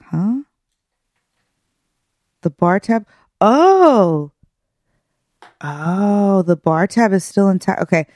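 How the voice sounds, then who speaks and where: Slow, giggly woman co-hosting a podcast. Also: medium pitch, lively intonation, dark tone, no echo, clean studio sound. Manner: giggly, drawn-out, loose delivery. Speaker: podcast co-host. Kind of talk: casual chat.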